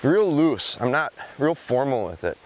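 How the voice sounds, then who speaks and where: A man's voice: very animated, measured pace, a little hiss or hum. A man training his gun dog in a field, explaining his approach to the camera in a casual, reflective way. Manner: talks to the camera, then calls to a dog in high, sing-song praise. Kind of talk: casual outdoor training commentary. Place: outdoors in a field.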